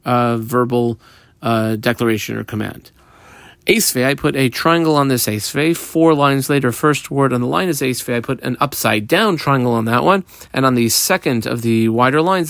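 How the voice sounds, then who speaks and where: A man's voice: medium pitch, fairly bright tone, no echo. A man teaching a Talmud page, reading short phrases and explaining each in casual English with frequent ums. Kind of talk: Talmud lesson, reading and translating.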